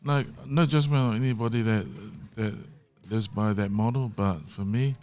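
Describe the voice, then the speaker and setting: Earnest low-voiced man, podcast guest. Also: moderate pace, darkish tone, faint music behind. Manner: earnest, reflective, keeps saying "you know what I mean". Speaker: podcast guest, worship singer. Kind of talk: casual chat. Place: podcast studio.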